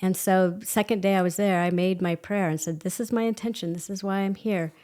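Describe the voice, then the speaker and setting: A woman guest telling a personal story in an animated way, laughing often and acting out quoted voices. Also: medium pitch, fairly quick. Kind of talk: conversational storytelling.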